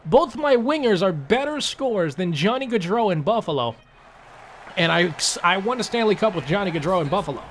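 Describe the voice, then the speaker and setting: A young man casually commentating his own gameplay, swearing a lot and jumping from low mutters to loud outbursts. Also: fairly quick, a little hiss or hum. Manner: excitable, swears often, swings from mumbling to yelling. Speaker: gaming commentator.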